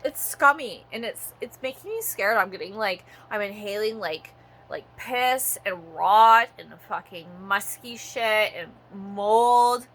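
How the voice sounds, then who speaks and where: A woman's voice: medium pitch, animated, slow, fairly bright tone. A woman in her thirties from Canada, ranting in a vlog monologue, swearing often and rambling with lots of "like" fillers. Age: 30s. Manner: profane, rambling, frequent "like" fillers.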